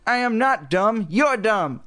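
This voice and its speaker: A man voicing a mean, squeaky wooden ventriloquist dummy that mocks and repeats insults in a tight, high-pitched voice. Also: expressive, slow, bright, forceful tone, exaggerated voice. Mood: bratty. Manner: bratty, mocking, repeats back insults.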